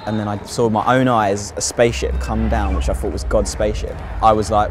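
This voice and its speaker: A man's voice: fairly low pitch, little pitch movement, brisk, hardly any pauses, slight background noise. A young man tells his own story casually in a documentary, with lots of fillers and swearing. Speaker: interviewee recounting his own psychosis. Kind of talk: candid documentary testimony.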